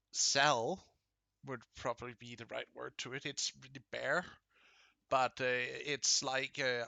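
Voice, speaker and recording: A young man narrating as game master of a tabletop game, halting and full of fillers. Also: mid-range voice, vocal fry, pushed and bright, no echo. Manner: halting, lots of fillers and restarts.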